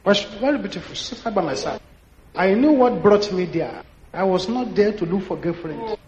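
High-voiced Nigerian pastor preaching. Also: male voice, moderate pace, slight background noise. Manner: animated, acts out dialogue. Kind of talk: sermon storytelling. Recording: echoey hall, dull lo-fi sound.

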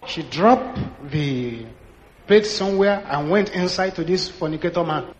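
A Nigerian man in his sixties, a pastor telling stories in an animated sermon and acting out the dialogue. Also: a little high, a little slow. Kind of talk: sermon storytelling. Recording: echoey hall, dull lo-fi sound.

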